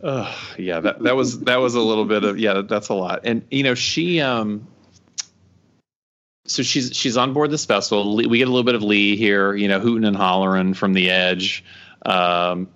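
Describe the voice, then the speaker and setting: A man's voice: on the low side, fairly even intonation, moderate pace, a bit bright. A man from Texas hosting a casual book discussion, rambling and joking with frequent restarts. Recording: dull lo-fi podcast audio.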